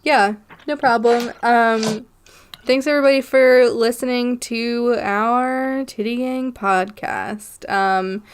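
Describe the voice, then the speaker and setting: Slow-talking woman podcast co-host. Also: on the high side, fairly even intonation, slight background noise. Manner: unhurried, with frequent ums and laughter. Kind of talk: casual podcast chat.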